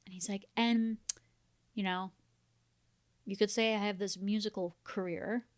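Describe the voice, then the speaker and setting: A woman's voice: steady tone, measured pace. Chatty woman recapping a reality show. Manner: chatty, acts out quotes with big pitch jumps. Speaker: podcast co-host. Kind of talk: casual chat.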